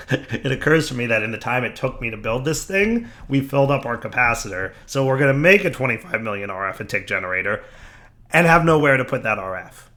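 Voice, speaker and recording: A man's voice: medium pitch, expressive, brisk, pushed and bright. A man hosting a gameplay series in casual commentary, his voice still slightly sick, chatting to viewers and to his machines. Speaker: let's play host.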